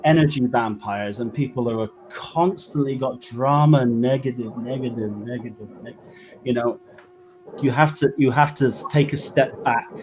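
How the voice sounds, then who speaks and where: Halting West Country English man. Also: mid-range voice, darkish tone, slight background noise, low-quality recording. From England. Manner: halting, many fillers and restarts. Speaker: guest medium. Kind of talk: casual interview chat.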